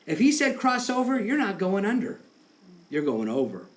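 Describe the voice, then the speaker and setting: Animated, conversational male preacher. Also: high voice, normal speed. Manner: conversational, animated, acts out quotes with laughs. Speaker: pastor. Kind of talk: sermon.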